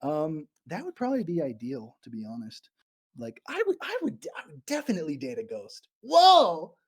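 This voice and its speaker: Jittery, giggly man with a husky voice. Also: on the high side, huge pitch swings, brisk, a little mellow. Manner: nervous, rambling, giggly, self-deprecating. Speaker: YouTuber livestreaming to fans. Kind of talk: live Q&A chat reading viewer questions. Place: abandoned morgue, indoors.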